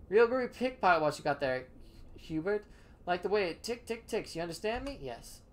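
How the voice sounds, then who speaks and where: A woman voicing a groovy, smooth-talking 1960s man who drawls slang and calls everyone baby. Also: on the low side, very animated, fairly quick, voice pushed up.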